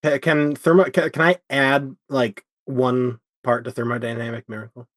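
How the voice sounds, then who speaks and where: A man in a tabletop role-playing session who talks in a playful way and stammers through restarts. His voice sits at a middle pitch, and the recording is dry and close. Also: flat delivery, normal speed, a bit bright, no room sound. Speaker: player. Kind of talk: casual tabletop role-play chat.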